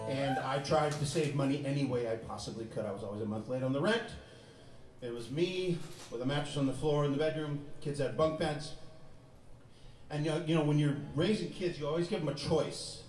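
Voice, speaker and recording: A man's voice: fairly high pitch, a little fast, darkish tone, soft background music. A man telling a personal story in a casual, profane way, often laughing as he talks. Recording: roomy sound from a distant mic.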